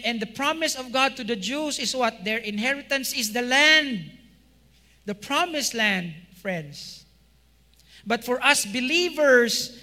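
A male pastor preaching a sermon, asking rhetorical questions and swinging between loud emphasis and quiet, low endings. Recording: long hall reverb.

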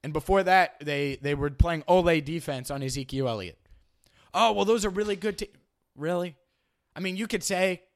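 A man hosting a sports podcast, analyzing his team and arguing with imagined critics, often repeating himself as he starts a thought. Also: fairly high pitch. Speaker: podcast host.

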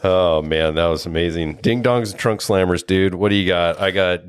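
A man's voice: deep voice, moderate pace, smooth, dry recording. A man co-hosting a golf podcast, upbeat and teasing as he talks through betting picks. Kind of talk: casual chat.

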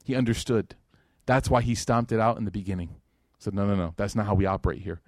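A man giving a religious lecture to a live audience, telling stories in a lively, casual way with plenty of slang and fillers. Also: on the low side, fast, no echo, studio quality. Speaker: Islamic lecturer.

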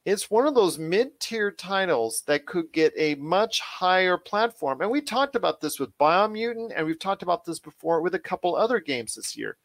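A man hosting a pop culture podcast in energetic, rambling casual chat. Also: high voice, normal speed, hardly any pauses, no echo. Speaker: podcast host.

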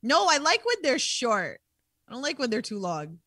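A woman co-hosts a casual wrestling podcast, throwing in short, eager remarks. Her voice is bright and crisp, and it is recorded dry and close. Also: high-pitched, huge pitch swings, moderate pace, dry recording. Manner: short enthusiastic interjections. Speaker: podcast co-host. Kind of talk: casual wrestling recap chat.

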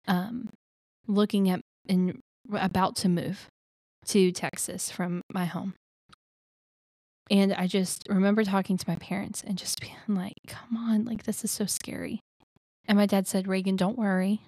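A young woman from Alabama shares her own story in an earnest, chatty voice, with plenty of ums and likes. Her pitch sits in the middle for a woman. The sound is dry and close, with no room around it. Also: darkish tone, no room sound. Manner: earnest, chatty, many fillers. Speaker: life coach. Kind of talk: personal storytelling.

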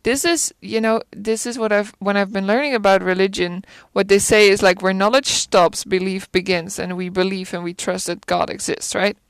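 Woman rambling thoughtfully, smooth clear voice, lots of restarts, dry close sound. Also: medium pitch, steady tone, moderate pace, few pauses, no echo. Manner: thinks aloud, searching for words and restarting; reflective, asks rhetorical questions. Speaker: film commentator. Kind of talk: casual musing chat.

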